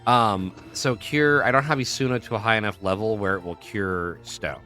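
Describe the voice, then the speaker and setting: A man's voice: on the low side, normal speed, sharp tone, soft background music. A male streamer chatting casually and profanely while playing a retro game. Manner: blunt, profane, joking. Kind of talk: casual live-stream banter with cursing.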